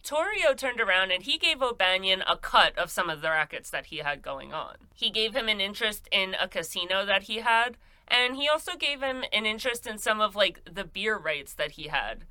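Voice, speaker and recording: A woman's voice: medium pitch, lively intonation, normal speed, bright, forceful tone, no room sound. A woman telling a crime story in a chatty, sarcastic, profane way, as a podcast host. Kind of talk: casual true-crime storytelling.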